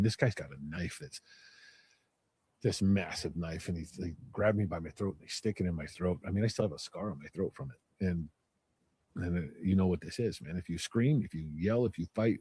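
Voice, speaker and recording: A man calmly and candidly recounting a violent jail memory in casual storytelling. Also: sits low, slightly rough. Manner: candid, matter-of-fact recounting.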